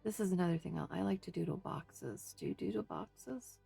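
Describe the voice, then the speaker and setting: A woman's voice: on the low side, sing-song, fairly quick, gravelly, mellow, slightly rough, faint music behind. A woman chatting casually through an art journaling tutorial, thinking aloud, fussing over details and talking to her viewers. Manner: fussy, second-guessing. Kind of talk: casual crafting tutorial chat.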